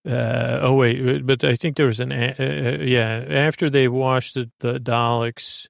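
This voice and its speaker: A man's voice: medium pitch, steady tone, measured pace, creaky, dry recording, clean studio sound. A man hosting a sleep podcast, loosely retelling a TV episode in a meandering way with many filler words. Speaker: podcast host.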